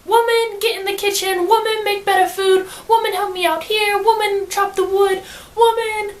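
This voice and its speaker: A woman voicing a bossy old husband who shouts orders at his wife. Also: very high voice, fairly even intonation, moderate pace, roomy sound, distant mic, voice pushed up.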